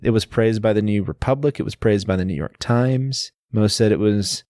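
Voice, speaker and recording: A man's voice: on the low side, normal speed, a little mellow, no room sound, clean studio sound. A man hosting a podcast, casually explaining a novel's background and stopping to restart his sentences. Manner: explanatory, lists facts, frequent restarts. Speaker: podcast host. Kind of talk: casual book discussion.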